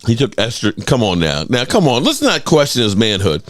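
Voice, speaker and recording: A man's voice: medium pitch, huge pitch swings, a little fast, dry recording, clean studio sound. A man hosting a live sports reaction stream, laughing often and mockingly repeating clips.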